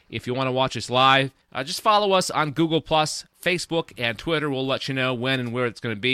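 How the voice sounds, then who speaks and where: A man hosting a casual podcast, hurried and a bit flustered. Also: medium pitch, bright, forceful tone, clean tone, no room sound. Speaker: podcast host.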